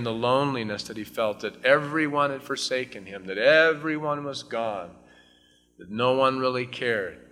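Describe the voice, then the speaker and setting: A man's voice: medium pitch, pushed and bright, big-room sound. A man preaching an evening sermon as pastor, talking conversationally and swelling into fervent scripture reading.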